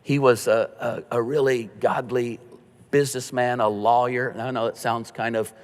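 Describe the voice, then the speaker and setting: A middle-aged man preaching a conversational sermon as a pastor, earnest and storytelling, going hushed at tender moments. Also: medium pitch, steady tone, moderate pace. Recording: long reverb of a church hall.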